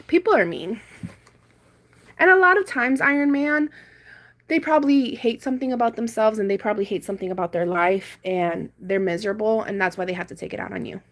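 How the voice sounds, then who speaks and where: A young woman hosting a casual live chat from home, talking animatedly and acting out loud comebacks as she tells stories. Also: mid-range voice, fast. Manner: chatty, animated storytelling with loud reenacted comebacks. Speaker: livestream host. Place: home, doing chores.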